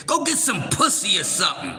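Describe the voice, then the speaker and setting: Loud, profane man. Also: sits high. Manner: profane, heated, shouting. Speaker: live stream host. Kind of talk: boxing recap and ranting at a chat troll. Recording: echoey room with long reverb.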